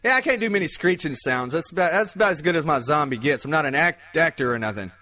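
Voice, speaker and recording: A man's voice: fairly high pitch, expressive, quick pace, bright, forceful tone, soft background music. A man hosting his own podcast, rambling casually and jokingly, reading out news with plenty of swearing. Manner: loose, rambling, profane, jokey. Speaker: podcast host. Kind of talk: casual comedic podcast talk.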